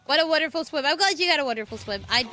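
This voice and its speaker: Young woman streamer, high bright voice, chatty and jokey then screaming and swearing at the game. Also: expressive, very fast, slight background noise. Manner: chatty and joking, bursts into loud screams and curses. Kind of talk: livestream gaming commentary.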